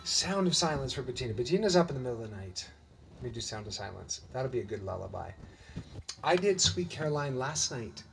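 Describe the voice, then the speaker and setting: A man's voice: medium pitch, sing-song, brisk, gravelly. A middle-aged man hosting a live-streamed music show, chatting with viewers and greeting them by name. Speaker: livestream musician host. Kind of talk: live-streamed singalong and chat. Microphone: webcam or computer mic. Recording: faint guitar music behind.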